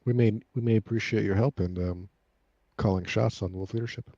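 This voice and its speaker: Fast-talking gravelly man, dull lo-fi mic. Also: lowish voice, steady tone, mellow, no echo. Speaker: player. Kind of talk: casual tabletop banter.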